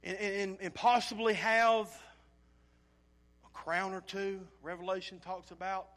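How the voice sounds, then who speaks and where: An earnest man in the pulpit with a voice that sits a little high. He tells his story with feeling and acts out the asides himself, then moves into preaching. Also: measured pace. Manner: animated storytelling with acted-out asides; emotional, earnest. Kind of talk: sermon with a personal story.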